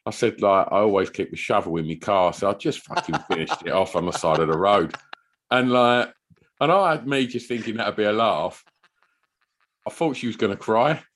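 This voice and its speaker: A man's voice: on the low side, animated, moderate pace, a bit bright. A man, co-hosting a podcast, chatting casually and telling rambling stories with some swearing. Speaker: podcast co-host. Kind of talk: casual chat.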